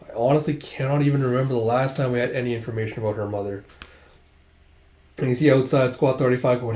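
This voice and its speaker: A man's voice: mid-range voice, fairly even intonation, quick pace, dark tone. Chatty man reading manga aloud. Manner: chatty, reacting aloud as he reads. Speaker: manga read-along host. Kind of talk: casual manga read-along. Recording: echoey room.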